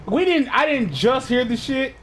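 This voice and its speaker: A man's voice: very high voice, lively intonation, moderate pace, a bit bright, slight background noise. A man hosting a casual chat, talking in a profane, rambling way with many restarts. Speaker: podcast host.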